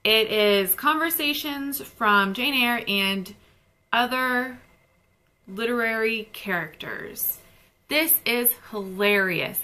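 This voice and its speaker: A woman's voice: on the high side, pushed and bright. A young woman chatting casually and gushing about books she received. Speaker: book vlogger. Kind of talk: casual book haul chat.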